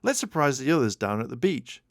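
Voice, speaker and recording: A man's voice: medium pitch, very animated, a little fast, dry recording, clean studio sound, pitched above the performer's own voice. A man voicing a cheerful teenage girl in a storybook reading.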